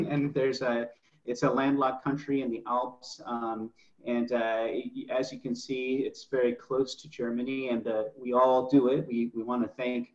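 A middle-aged man speaking as a wine expert on a video call. He talks eagerly, with plenty of fillers and self-corrections. The audio is roomy and a little dull. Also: medium pitch. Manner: enthusiastic, with many fillers and restarts. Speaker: master sommelier guest. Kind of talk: presenting slides in a wine tasting webinar.

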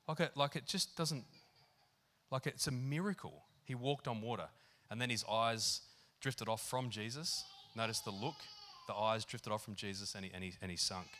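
A man preaching a sermon in an animated, conversational way, with lots of fillers. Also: medium pitch. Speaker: pastor. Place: church hall.

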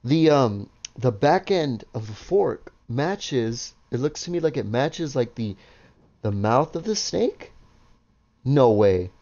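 Man, let's-play commentary, excitable, swears a lot, mid-pitched voice, dull lo-fi audio. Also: slow. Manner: excitable, swears often, talks to viewers. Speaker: gaming video host.

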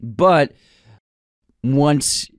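A man's voice: a little high, drawn-out words, dry recording, clean studio sound. A man co-hosting a film podcast, talking earnestly and stumbling over words now and then. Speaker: podcast co-host. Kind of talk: casual film discussion.

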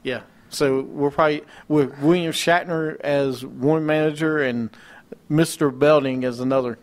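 A man's voice: fairly high pitch, steady tone, measured pace. A man co-hosting a casual wrestling talk show, rattling off match cards and ranting with mocking disbelief. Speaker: podcast co-host.

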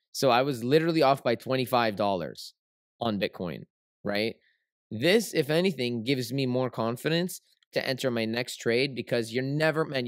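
A man's voice: mid-range voice, dry recording, studio quality. A man hosting a trading livestream, teaching in a casual, rambling way with lots of fillers and tag questions.

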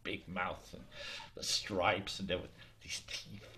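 A man telling a folk tale in a lively, halting way, over a video call. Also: sits low, slight background noise. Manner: lively, halting with restarts, laughs along. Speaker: storyteller. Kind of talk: oral folk storytelling.

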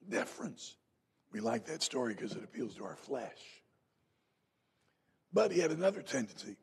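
A man preaching a revival sermon in a church, telling folksy stories and rising to loud emphatic peaks. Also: mid-range voice, gravelly, breathy edge. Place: church sanctuary.

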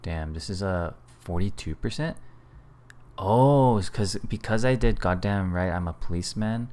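Low male game commentator, casual and playful, slight hiss behind. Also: normal speed, darkish tone. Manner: playful, amused, reading choices aloud. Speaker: gaming video host.

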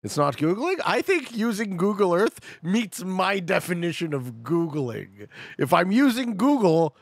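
A man streaming a geography game, chatting casually with his viewers and bursting out excitedly when he gets it right. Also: high-pitched, measured pace, dry recording, studio quality. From Canada. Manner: chatty, talks to chat, excitable outbursts. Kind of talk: casual live-stream commentary.

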